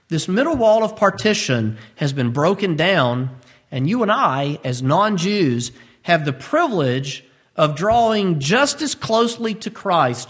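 A man, preaching a verse-by-verse sermon, earnest and emphatic with humorous asides. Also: a little high. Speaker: pastor.

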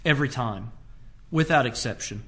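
A man's voice: medium pitch, moderate pace, a bit bright. A man preaching a sermon, quoting scripture with emphatic rises and drops in his voice. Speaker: pastor.

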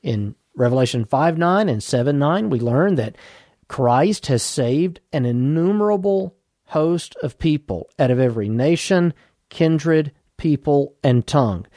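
A man giving a doctrinal Bible teaching as a podcast teacher, measured and leaning hard on key words. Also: on the high side, expressive, mellow, dry recording, studio quality.

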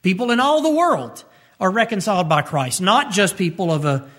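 A man preaching a radio sermon as pastor, repeating key phrases and rising sharply in pitch when he stresses a point. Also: expressive, moderate pace, a bit bright.

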